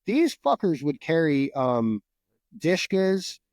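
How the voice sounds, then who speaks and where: Middle-aged guest from New Jersey, swears freely, animated storyteller, dry close sound. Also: male voice, on the high side, slow, no echo. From New Jersey, USA. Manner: profane, animated, repeats words. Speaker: guest, Green Beret veteran. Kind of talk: casual storytelling.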